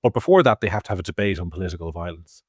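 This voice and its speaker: An Irish man with a fairly low voice talks politics on a podcast, sardonic and fond of swearing. His pitch swings widely, from loud bursts down to quiet asides, and the close mic sounds completely dry. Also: animated, very fast, breathy edge, dry recording. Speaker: podcast co-host. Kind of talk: opinionated political chat.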